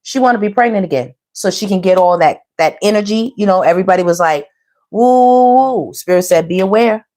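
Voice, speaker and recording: A woman's voice: on the low side, fast, few pauses. Sassy woman doing a casual tarot reading. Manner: sassy, animated, slangy, talks to viewers as "baby" and "y'all". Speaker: tarot reader.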